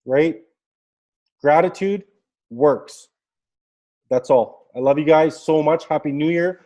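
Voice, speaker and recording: A man's voice: fairly high pitch, slow, mellow, lo-fi sound. A man on a group video call sharing a heartfelt, fervent motivational testimony, repeating "like" often and getting choked up. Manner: fervent, gets choked up, heavy use of "like". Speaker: team member sharing wins on a group call.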